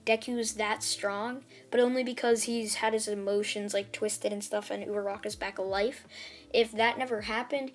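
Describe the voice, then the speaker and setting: Flat-voiced woman rambling through a story. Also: mid-range voice. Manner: hesitant, full of "like" and restarts. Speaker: channel host retelling a fan story. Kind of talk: casual, rambling story retelling.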